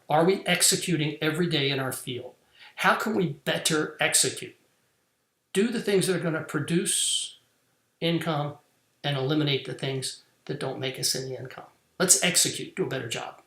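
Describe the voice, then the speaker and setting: A man's voice: fairly high pitch, pushed and bright. A man hosting a podcast, giving an earnest motivational business talk. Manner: earnest, preaching, deliberate. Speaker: podcast host. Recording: roomy echo.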